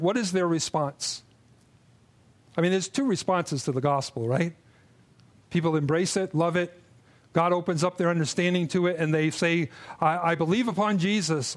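A man with a notably high-pitched voice delivers an expository sermon. He speaks earnestly, stumbling into restarts and repeated words. When he mimics grumbling he drops low and quiet. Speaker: preacher.

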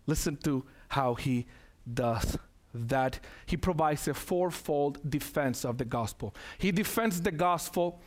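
Preacher, man, high-pitched, emphatic sermon delivery, repeats lines for emphasis. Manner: emphatic, calls to the congregation, repeats phrases.

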